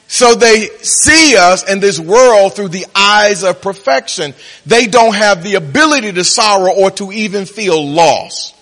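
A man with a high-pitched voice preaches a sermon, drawing out key words slowly, then speeding up and breaking into laughter at his own punchlines. His voice rings through a big hall with a long, trailing reverb. The delivery is a pastor working the congregation, soft one moment and loud the next. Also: animated.

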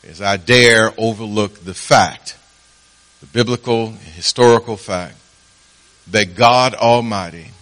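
A man preaching as pastor, telling a story and acting out its voices. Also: a bit bright. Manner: storytelling, acts out voices with rising pitch. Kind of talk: sermon with a told joke.

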